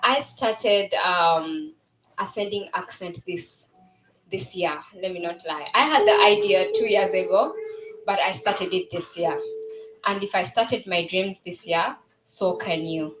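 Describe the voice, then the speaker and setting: A woman's voice: lowish voice, a little slow, slight background noise. Young woman giving a launch speech. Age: 20s. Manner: warm, earnest, with frequent fillers and restarts. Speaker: business founder. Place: event venue. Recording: roomy venue with music and crowd behind.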